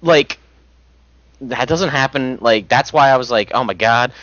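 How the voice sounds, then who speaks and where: A man co-hosting a podcast in casual, excitable chat. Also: medium pitch, unhurried, dry recording, muffled recording. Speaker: podcast co-host.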